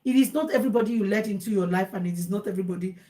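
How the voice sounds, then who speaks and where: A woman's voice: mid-range voice, racing, dark tone. Emphatic Nigerian woman giving advice. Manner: emphatic, repeats phrases, mixes Pidgin into English. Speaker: host. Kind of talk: casual advice talk to viewers.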